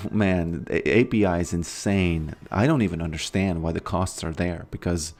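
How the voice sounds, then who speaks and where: A man's voice: low voice, a little slow, a little mellow, soft background music. A man streaming a game and chatting casually with his viewers, laid-back and often trailing off mid-sentence. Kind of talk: casual livestream chat while gaming.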